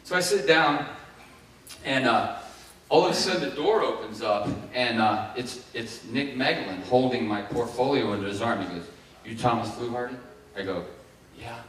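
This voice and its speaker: A middle-aged man from Ohio giving a keynote talk, telling his story with lively acted-out quotes. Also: medium pitch, normal speed. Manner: animated, acts out quoted voices. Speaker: keynote speaker. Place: large conference hall. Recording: echoey hall, heard from far off.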